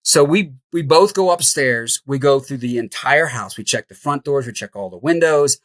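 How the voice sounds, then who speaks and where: Middle-aged male guest, lively raconteur with a mid-range voice, dry close sound. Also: medium pitch, moderate pace, dry recording. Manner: animated, laughs through the tale. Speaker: podcast guest, house flipper. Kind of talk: storytelling in an interview.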